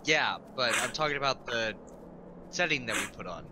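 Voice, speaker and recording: A man's voice: medium pitch, lively intonation, normal speed, a crowd in the background. A man chatting with friends during a game, hesitant and thinking aloud about the voice settings. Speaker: player. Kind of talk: casual multiplayer gaming chat.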